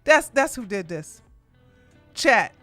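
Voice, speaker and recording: Sarcastic high-voiced woman streamer. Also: slow, dry recording, faint music behind. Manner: animated, sarcastic, laughs and exclaims, talks to chat. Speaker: podcast host. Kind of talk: live-stream political commentary.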